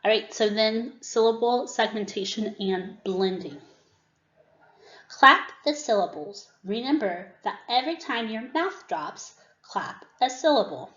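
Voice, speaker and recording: A woman's voice: a little high, lively intonation, fairly bright tone. A woman giving a teacher-training presentation on reading skills, acting out classroom prompts as she explains them. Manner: demonstrates classroom prompts, slow and deliberate. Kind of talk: instructional presentation. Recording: dull, roomy recording.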